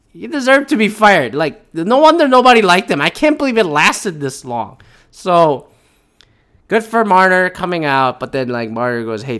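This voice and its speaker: Profane rambling young man ranting. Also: on the high side. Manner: profane, rambling, with animated quoted asides. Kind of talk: casual ranting commentary.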